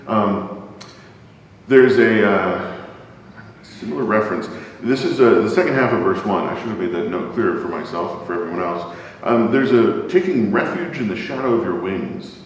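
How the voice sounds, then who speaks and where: Man, Bible class teacher, lowish voice, distant mic, very echoey hall with long reverb. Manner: conversational, asks the class questions, says "right?" often. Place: church classroom. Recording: very echoey hall, far from mic, faint rumble.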